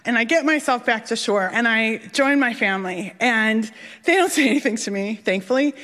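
A young woman telling a personal story on stage, animated and laughing, acting out the voices of others. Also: fairly high pitch. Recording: long hall reverb.

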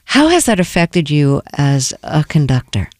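A woman hosting a radio interview, asking measured questions. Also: sits low, big pitch swings, a little mellow, no echo.

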